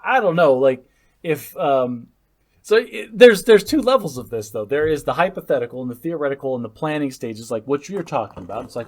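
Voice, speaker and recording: A man with a mid-range voice co-hosts a casual podcast. He talks in an animated, joking way, often stammering and restarting his sentences as he pushes back on his co-host. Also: mid-range voice, fairly quick.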